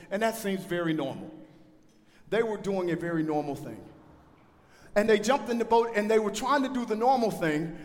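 A man with a very high voice preaches a sermon to his congregation. He swings between loud, shouted peaks and soft asides. His voice rings with the long reverb of a church hall. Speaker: pastor.

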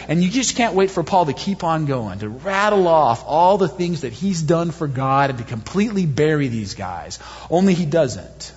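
High-voiced man preaching in a reverberant hall. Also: normal speed, slightly rough. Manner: animated, self-deprecating, builds with repetition. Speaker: pastor. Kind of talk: sermon. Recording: dull, long hall reverb.

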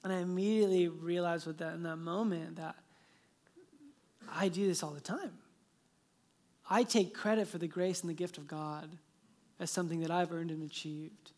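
Animated storytelling pastor, a man. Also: fairly high pitch, moderate pace, pauses often. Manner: animated storytelling, dropping to soft hushed tones. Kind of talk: storytelling sermon.

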